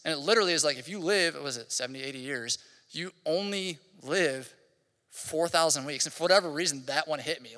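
Man, 30s, pastor, casual sermon, rambling, bright tense voice, long hall echo. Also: fairly high pitch, expressive, fairly quick. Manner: casual, rambling, heavy use of "like". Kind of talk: conversational sermon. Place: church hall.

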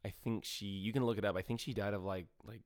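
A man's voice: lowish voice, quick pace, no echo, clean studio sound. Rambling, swearing male podcast host. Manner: rambling, animated storytelling with frequent fillers and swearing. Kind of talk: casual movie review chat.

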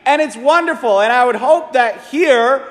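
A man, a priest, preaching a sermon in an animated, emphatic way, asking his listeners rhetorical questions. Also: very high-pitched, moderate pace. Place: large church. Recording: long church reverb.

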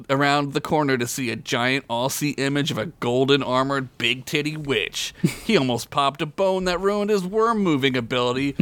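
A man's voice: medium pitch, fairly bright tone, no room sound. Man narrating a crude comedy story. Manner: crude, jokey asides between narrated lines. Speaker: podcast host and storyteller.

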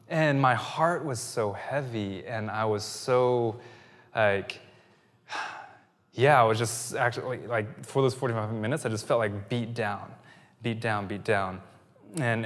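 A man's voice: mid-range voice, moderate pace. Man preaching in a reverberant hall. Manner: builds from quiet storytelling to loud impassioned preaching. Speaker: pastor. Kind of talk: sermon.

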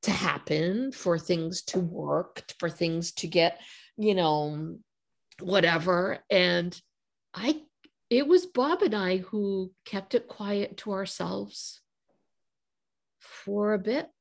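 A middle-aged woman guest on a podcast, telling a story in lively casual speech, acting out quoted conversations and laughing often. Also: lowish voice, takes it slowly, vocal fry.

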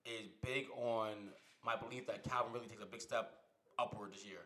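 A man co-hosting a sports podcast, casual and animated, teasing his co-host. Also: lowish voice, normal speed.

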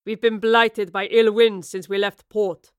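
A woman voicing a weathered, contemptuous male ship captain who speaks slowly and loudly, with mocking command. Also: mid-range voice, little pitch movement, clear, resonant tone, dry recording, clean studio sound, natural voice. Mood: stern, menacing. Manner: slow, loud, commanding and mocking.

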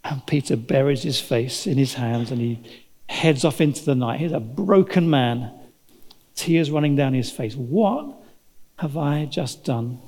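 A man's voice: mid-range voice, normal speed, a little mellow. A man preaching a sermon, telling the story dramatically and acting out the voices of its characters. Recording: long hall reverb.

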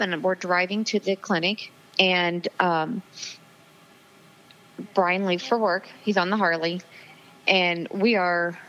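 A woman's voice: lowish voice, fairly bright tone. Earnest woman telling her story by phone. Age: 40s. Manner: earnest, emotional storytelling with frequent ums. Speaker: guest. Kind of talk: personal testimony in interview. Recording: dull lo-fi phone audio.

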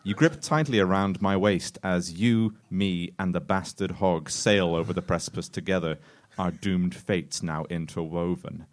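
A man's voice: sits low, a little slow, hardly any pauses. A man narrating a comic choose-your-own-adventure story in a mock-dramatic way, laughing at his own jokes. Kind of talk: comic storytelling before a live audience.

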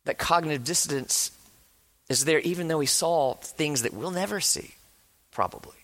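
Earnest male preacher, slightly high voice. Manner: earnest, speeds up and slows down, drops to a hush for emphasis; acts out quoted speakers with rising passion. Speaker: pastor. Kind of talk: sermon.

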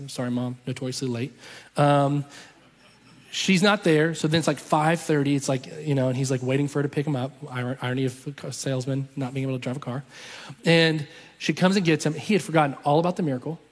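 A man's voice: mid-range voice, fast. A man telling a story in a sermon, acting out the voices of the people in it. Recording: long reverb from a large hall.

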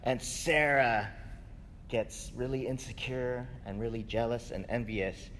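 A pastor with a medium-pitched, fairly bright voice delivers a sermon in a casual, conversational style, speaking at a measured pace. He keeps tagging his sentences with "right?" The hall is echoey, with faint ambience and slight background noise.

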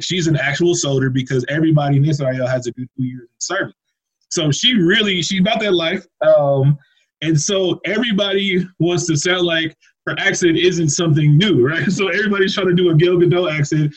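A man's voice: a little high, husky, dull audio. A man co-hosting a podcast, recapping a movie in loose, laughing casual chat full of fillers and slang. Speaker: podcast co-host.

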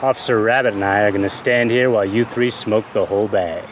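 A man's voice: lowish voice, steady tone, quick pace, slight background noise, natural voice, low-quality recording. An actor playing a male state trooper who lectures young men with mock-serious authority, in a film clip. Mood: mock stern. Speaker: police officer character.

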